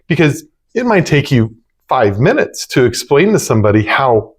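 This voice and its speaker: Male business owner, easygoing teaching voice, average pitch, plain chatty sales talk. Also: moderate pace, slightly rough. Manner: relaxed, conversational, demonstrates upbeat phone greetings. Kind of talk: casual instructional talk.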